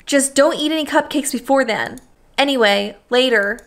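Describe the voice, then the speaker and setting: A woman reading the lines of a brash, flustered teenage schoolgirl from a visual novel, hurried and dismissive. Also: sits high.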